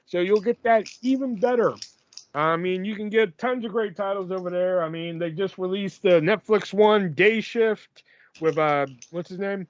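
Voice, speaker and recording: In a high voice at normal speed, a podcast host chats casually and curses freely, loosely rambling through a sponsor ad. The audio is dull, with no echo.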